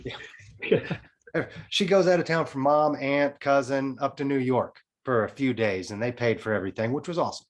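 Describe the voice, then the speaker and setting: A man's voice: medium pitch, moderate pace. Frank, swearing man telling a story. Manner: frank, swears freely, tells a story in a lively way. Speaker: podcast guest. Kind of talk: casual storytelling chat.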